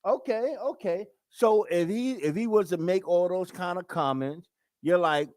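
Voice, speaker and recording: A man speaking hosts a live talk show, chatting casually with his viewers. His voice sits a little high and he acts out quick bits of dialogue. The sound is dry and close. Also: darkish tone, no room sound. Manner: conversational, acts out quick quoted voices, repeats himself. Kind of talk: casual live-stream commentary.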